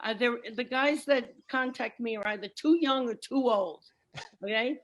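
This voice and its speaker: A woman's voice: fairly high pitch, normal speed. A middle-aged woman doing a brash, punchy stand-up comedy set from home on a video call. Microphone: computer mic on a video call. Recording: noisy video call audio.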